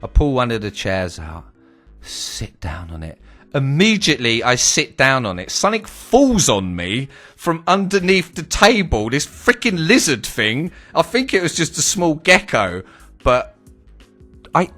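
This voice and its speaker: A young man casually telling a personal story, animated and vivid, swearing freely. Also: mid-range voice, a little slow, soft background music.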